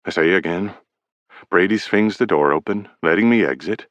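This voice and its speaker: A man reads an audiobook in a deep, low register. The recording is dry and close, with no room sound. He delivers the story dramatically, lifting his voice for different characters. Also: normal speed, a bit bright, no room sound. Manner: dramatic, shifts pitch for quoted characters. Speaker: audiobook narrator.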